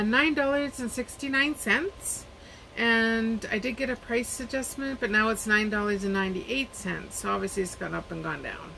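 A woman's voice: a little high, gravelly, bright, forceful tone, a little hiss or hum, poor audio. A woman chatting casually at home as she unboxes and reviews craft kits, rambling and trailing off mid-sentence.

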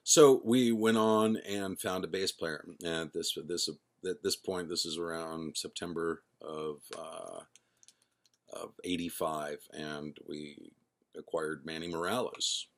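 A middle-aged man with a low, gravelly voice tells the history of his band in a casual, meandering way. He corrects himself mid-sentence and slips into other people's voices as he recounts what they said. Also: fairly even intonation, slow pace. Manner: rambling, self-correcting, acts out quoted dialogue. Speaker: band singer and founder. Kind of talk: casual spoken storytelling.

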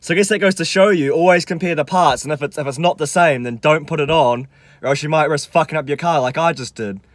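A man's voice: on the high side, fast talker, dry recording. A young man vlogging in a casual way, ranting and swearing nonstop about a botched job on his car. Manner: swears constantly, exasperated ranting. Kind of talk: casual vlog talk.

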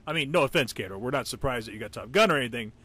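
A man giving live, joking commentary over a friend's tank battle, reacting loudly to hits and misses and teasing the player. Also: medium pitch, lively intonation, rapid-fire, slightly rough. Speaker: gameplay commentator.

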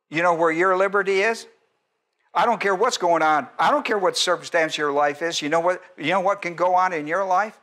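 A male pastor preaching an expository sermon, animated and quizzing his congregation, sometimes dropping to a soft low voice for emphasis.

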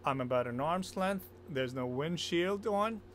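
A man's voice: on the high side, expressive, measured pace, fairly bright tone, a little hiss or hum. A man casually testing and reviewing a microphone, talking in a plain, matter-of-fact way with small fillers. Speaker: gear reviewer. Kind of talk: casual mic test and review. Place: outdoors, then indoors at a computer. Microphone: shifting between phone and shotgun mic at varying distances.

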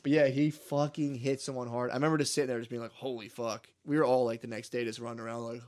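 A man's voice: medium pitch, steady tone, racing, a little mellow. A man co-hosting a podcast, telling a long story in casual chat, swearing often and laughing as he goes. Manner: profane, laughing, rambling. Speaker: podcast co-host.

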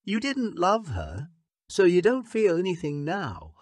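A man's voice: high voice, huge pitch swings, measured pace, no echo, pitched above the performer's own voice, heavily acted. A man reading an audiobook, voicing a bitter, furious middle-aged woman nurse who accuses and scolds. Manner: accusing, scornful, raising her voice.

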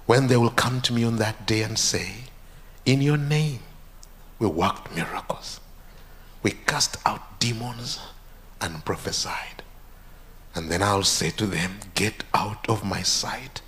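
A stern, commanding divine voice, low and unhurried, that sinks at times to a hushed whisper, as a preacher puts it on. It speaks with grave authority, each word weighed and slow. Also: male voice, a little hiss or hum.

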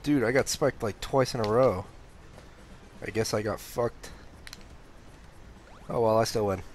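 There's slight noise behind this young man's unhurried, lowish voice as he plays a game on stream. Relaxed and sleepy-sounding, throat a little phlegmy, he answers viewers and swears freely.

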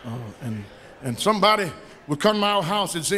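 A middle-aged man, preaching a sermon as pastor, with shouted, sing-song rises. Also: high voice, lively intonation, fairly quick. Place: church sanctuary. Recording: echoey church with long reverb.

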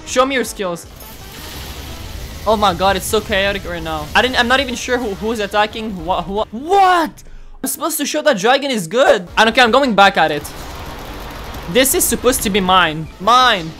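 A young man runs a gaming channel, his voice sitting high as he gives excitable commentary on the gameplay. He exclaims often and taunts his opponents.

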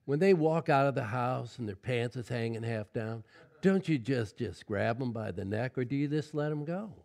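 A middle-aged man preaching a sermon as pastor, folksy and conversational, swinging from loud exclamations to quiet asides and often calling out "Amen?". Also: medium pitch, expressive, normal speed, gravelly. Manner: folksy preaching with frequent "Amen?" call-outs.

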